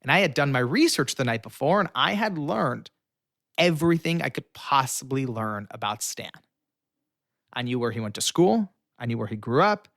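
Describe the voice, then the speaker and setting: A young man tells a story as an interview guest, animated and quick to act out the voices of the people in it. His voice sits at a middle pitch. The sound is dry and close, with no room around it. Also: no room sound. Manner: animated storyteller, acts out quoted lines.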